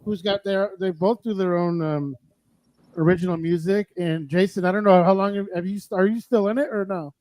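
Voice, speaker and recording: A man's voice: high-pitched, fairly even intonation, a little fast, darkish tone, no echo, low-quality recording. Man, radio host, casual joking chat, swears, dry sound, video call.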